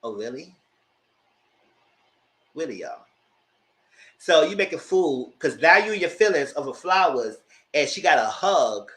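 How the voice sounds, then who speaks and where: A man giving a chatty, animated recap of a TV show, talking straight to his viewers. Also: fairly high pitch, normal speed. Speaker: vlogger recapping a reality show. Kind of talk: casual commentary. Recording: roomy echo.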